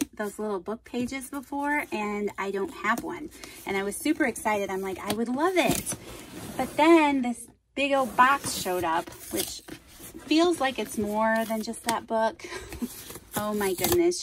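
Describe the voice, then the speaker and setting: A woman with a mid-range voice, with a little hiss or hum in the recording, hosts a casual craft vlog. She opens mail from viewers and thanks them effusively.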